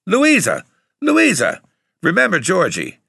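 A man voicing a frantic middle-aged mother who cries out in shrill, pleading calls. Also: wildly swooping pitch, measured pace, creaky, fairly bright tone, slightly rough, no echo, studio quality, full character voice.

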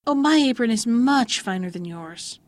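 A clever little girl teases a monster from a treetop, voiced by a woman storyteller. Her voice is high and unbothered, close and dry. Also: animated, moderate pace, no echo, close to an everyday voice. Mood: cheeky. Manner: cheeky, unbothered.

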